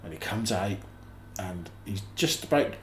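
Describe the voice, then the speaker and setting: A man's voice: sits low, lively intonation, unhurried, fairly bright tone. A man co-hosts a podcast and retells episode plots at length, his voice rising and falling a lot. He sounds a little distant in a roomy space, with faint noise behind him. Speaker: podcast co-host. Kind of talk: casual chat.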